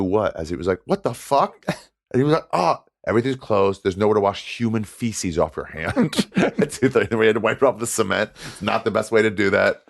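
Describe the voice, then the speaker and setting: A man telling a story in casual chat, animated and laughing often as he talks. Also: low-pitched, vocal fry, dry recording, clean studio sound. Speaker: guest comedian.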